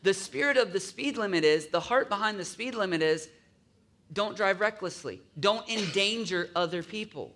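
A man's voice: high voice, lively intonation, normal speed, a bit bright, slight background noise. A man preaching a sermon in a conversational way, often asking his listeners to agree and acting out grumbling voices in asides. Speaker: pastor.

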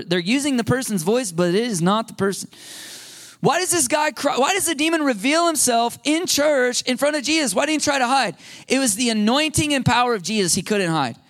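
A man preaching a sermon to a congregation, animated and questioning, often asking the listeners and adding right and okay. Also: extremely high pitch. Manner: animated, rising to shouts when quoting demons. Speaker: pastor.

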